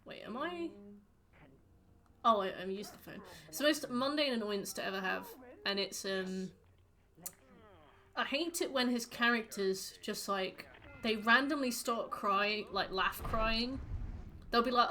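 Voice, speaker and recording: A woman's voice: a little high, a little slow, bright, forceful tone, slight background noise. A woman streaming a game, chatting casually with her viewers in a rambling, playful way. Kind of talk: casual chat while gaming.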